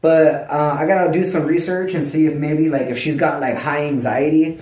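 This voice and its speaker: A man talks to the camera at home in loose, rambling chat, his voice sitting a little high. He swears freely, leans on filler words and keeps clearing his throat. The sound bounces around an echoey room. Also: steady tone, moderate pace, a little mellow. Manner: rambling, profane, full of "like" fillers. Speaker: vlogger.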